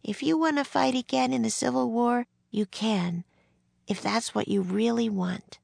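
A woman's voice: fairly high pitch, fairly even intonation, unhurried, gravelly, darkish tone, no room sound, voice pushed up, full character voice. A woman reading aloud and voicing a kind, worried young girl who soothes and pleads. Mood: gentle.

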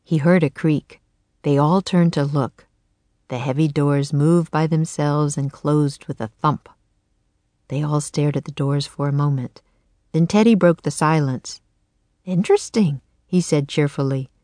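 A woman with a low voice narrates a children's chapter book in a calm, even manner. She is close to the mic in a dry studio recording. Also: unhurried, no room sound. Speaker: audiobook narrator. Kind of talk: scripted narration.

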